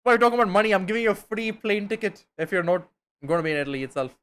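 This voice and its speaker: A young man from India, talking with his stream chat. His voice sits a little higher than most men's. He rambles casually, full of slang and the odd curse word. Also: animated, racing, a bit bright, clear, resonant tone. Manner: slangy, swearing, chatty and rambling.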